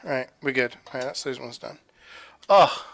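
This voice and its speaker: A man's voice: mid-range voice, fairly even intonation, moderate pace, vocal fry, fairly bright tone. A man streaming from his home kitchen, rambling casually to his chat as he cooks. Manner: rambling, chatty, talking to chat while cooking.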